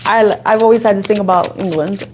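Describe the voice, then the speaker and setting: A woman from the Bronx with a New York accent, chatting and thinking out loud as she gives a live tarot reading to viewers. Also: mid-range voice, a little fast, noisy background. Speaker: tarot reader.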